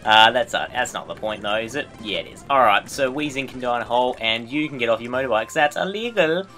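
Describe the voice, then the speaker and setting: A man's voice: medium pitch, lively intonation, fast, sharp tone. A man hosting a video game playthrough with goofy, rambling, joking commentary. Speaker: let's play host. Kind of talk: casual gameplay commentary.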